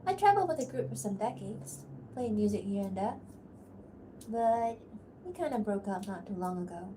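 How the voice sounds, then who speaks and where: A woman voicing a weathered older traveling musician for an animatic, in a relaxed, matter-of-fact way. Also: mid-range voice, moderate pace, a little hiss or hum, natural voice. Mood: easygoing. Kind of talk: voice acting takes for an animatic.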